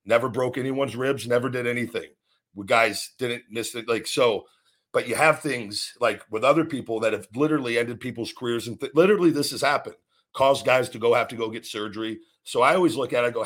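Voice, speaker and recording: A man's voice: mid-range voice, fairly bright tone. A man hosting his own podcast, delivering a blunt, profanity-heavy rant with frequent restarts and repetition. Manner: repeats himself and restarts sentences. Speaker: podcast host.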